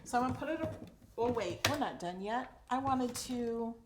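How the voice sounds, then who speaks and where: A fairly high-voiced woman talking through a craft project in a chatty, excitable way. She's recorded in an echoey room with a faint hiss behind her. Her tone is casual, like she's showing a friend how it's done. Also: normal speed. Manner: chatty, excitable, talks while working. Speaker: craft tutorial host.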